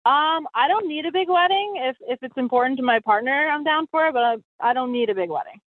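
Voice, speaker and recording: High-voiced woman over a phone line. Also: lively intonation, fast talker, dry recording. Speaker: contestant.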